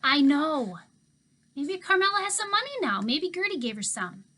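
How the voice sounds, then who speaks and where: A woman's voice: high voice, sing-song, normal speed, fairly bright tone, voice pushed up. A woman voicing an anxious young boy who pleads and keeps asking worried questions. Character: whiny anxious young boy, little brother.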